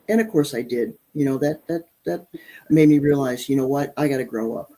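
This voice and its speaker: A woman's voice: sits low, lively intonation, brisk, dark tone, low-quality recording. A woman from Michigan, a parenting author, speaking candidly as an interview guest, with frequent restarts. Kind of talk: interview conversation.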